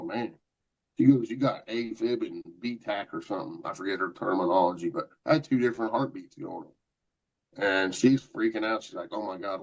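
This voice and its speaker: Middle-aged guy rambling thru a story, lowish voice, dull lo-fi sound. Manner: rambling, animated anecdotes with many quoted asides. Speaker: guest, paranormal investigator. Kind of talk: casual storytelling. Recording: dull lo-fi podcast audio.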